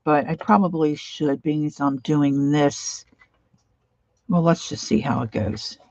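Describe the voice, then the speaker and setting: Painting on a livestream, this art host, a middle-aged woman from Pennsylvania with a Pennsylvania accent, rambles chattily and drops in warm, nostalgic asides. She speaks a little slowly in a low voice with a steady tone. The recording is muffled, with no room sound.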